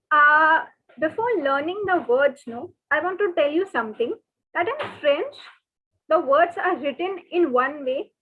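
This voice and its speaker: A woman teaching French in an online lesson, patiently repeating each word slowly and often. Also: high voice. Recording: thin phone-like webinar audio.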